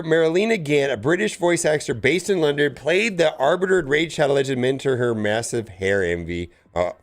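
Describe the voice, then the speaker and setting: A man streaming a mobile game, chatting casually with viewers in a rambling, stammering way that bursts into loud exclamations. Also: medium pitch.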